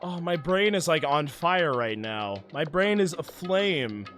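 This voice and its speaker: A male streamer giving animated, jokey let's play commentary and reading game text aloud. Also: fairly high pitch, unhurried, soft background music.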